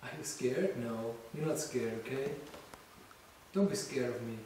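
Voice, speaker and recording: A man, a ghost hunter, coaxing and patient as he speaks softly to an unseen presence inside an old castle. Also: medium pitch, measured pace, recorded from a distance. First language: German. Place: old stone castle interior. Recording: very echoey stone room, off-mic, light hiss.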